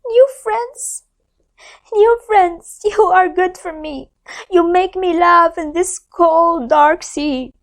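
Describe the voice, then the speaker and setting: Storybook moon girl, sad and lost, sings her lines high and slow; woman reader doing the voice. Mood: cheerful.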